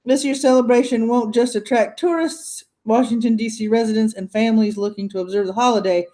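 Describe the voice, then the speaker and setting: A woman's voice: fairly high pitch, steady tone, brisk, warm tone. A woman hosting a casual news commentary livestream from home, chatty and sarcastic, talking into her computer's webcam mic. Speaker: host.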